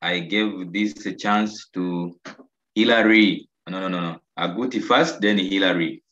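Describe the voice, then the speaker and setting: Ugandan guy teaching english on a video call, real slow and patient, kinda echoey muffled sound. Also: sits low, a bit bright. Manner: slow, coaxing, repeats and praises pupils. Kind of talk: online English lesson. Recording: roomy, dull lo-fi video call audio.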